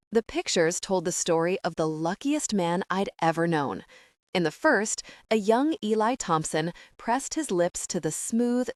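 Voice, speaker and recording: Female audiobook narrator for a first-person romance, conversational and expressive, lower register, dry studio sound. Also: no room sound.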